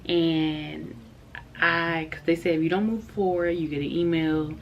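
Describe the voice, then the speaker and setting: A woman's voice: sits low, steady tone, unhurried, highs cut off, a little hiss or hum. A young adult woman telling a candid, heartfelt story in a casual vlog, chatty and full of fillers. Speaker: vlogger.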